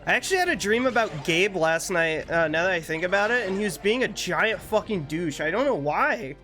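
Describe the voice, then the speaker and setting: A man's voice: high-pitched, expressive, fairly quick, pushed and bright. A young man streaming a game, chatting casually with his viewers, laid-back, laughing often and swearing freely. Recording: faint music behind.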